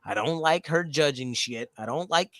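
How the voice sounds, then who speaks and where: A man's voice: fairly high pitch, moderate pace, a bit bright, no echo. A man in his thirties co-hosting a podcast, telling stories in casual chat, cursing freely and laughing often. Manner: profane, storytelling, laughs often. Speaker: podcast co-host.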